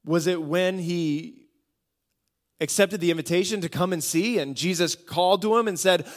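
A male American pastor with a high voice talks at a normal speed in a conversational sermon. He asks questions he doesn't expect answered and repeats phrases often while building up an idea.

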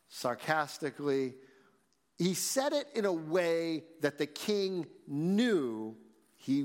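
A man preaching a sermon, reading scripture slowly and then explaining it in a conversational way. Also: medium pitch. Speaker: pastor. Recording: long reverb in a large hall.

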